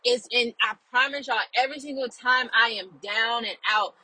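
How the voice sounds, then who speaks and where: A woman's voice: fairly high pitch, normal speed, pushed and bright, breathy edge, dry recording, rough recording. A young woman talking casually to her viewers about faith, earnest and encouraging, repeating phrases and checking in with "right?" and "okay?". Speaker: Christian video creator.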